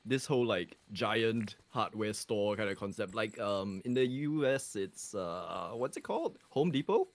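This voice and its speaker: A man chatting casually with a streamer during a gaming session, friendly and relaxed. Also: lowish voice, unhurried, few pauses. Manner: friendly, relaxed, laughs along. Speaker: co-streamer guest. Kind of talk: casual chat while gaming.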